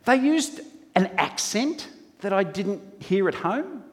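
A man's voice: high voice, very animated, slow pace, big-room sound. A man preaching a sermon, telling folksy stories and asking rhetorical questions. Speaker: pastor.

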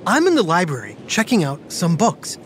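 A woman hosting a playful kids' educational podcast, talking like an animated storyteller. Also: fairly low pitch, moderate pace, slight background noise. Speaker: host.

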